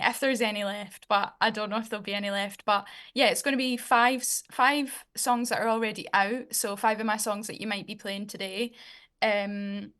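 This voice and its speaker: Young woman, Scottish accent, singer guest, easygoing talk, mid pitch. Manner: relaxed, chatty, uses fillers like "um" and "like". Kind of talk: casual interview chat.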